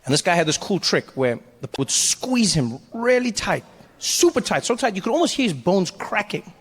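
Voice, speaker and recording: A man in his forties telling a stand-up story, animated and self-mocking, acting out the scenes. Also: high-pitched, normal speed, slightly rough. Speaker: stand-up comedian.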